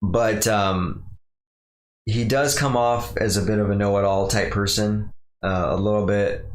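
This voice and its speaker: Podcast host, young man, lowish voice, casual rambling rant, recorded in an echoey room. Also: fairly even intonation, unhurried, slight background noise. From Pacific Northwest. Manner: casual, rambling, mimics other people's voices in quotes.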